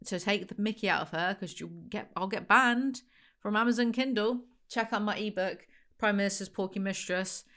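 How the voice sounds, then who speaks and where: A woman's voice: mid-range voice, a bit bright. A woman, chatting sarcastically to camera as host of a reaction video. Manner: sarcastic, ranting, quick asides. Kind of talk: casual chat to camera.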